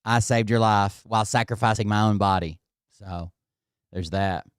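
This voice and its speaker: A man telling a story casually, animated and swearing often. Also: fairly low pitch, normal speed, clear, resonant tone, no echo, clean studio sound. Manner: animated and heavily profane, with laughter. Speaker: vlogger telling a home story.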